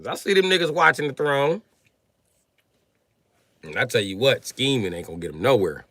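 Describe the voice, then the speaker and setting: A man ranting on a comedic live stream, loud, profane and animated, often breaking into shouts. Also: medium pitch, moderate pace, no room sound.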